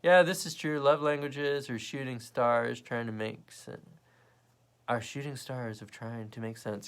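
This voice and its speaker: A young man hosting a casual livestream, chatting to viewers bluntly and profanely while mimicking people in quick bits. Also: medium pitch, animated. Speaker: livestream host. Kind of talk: casual live chat reading viewer comments.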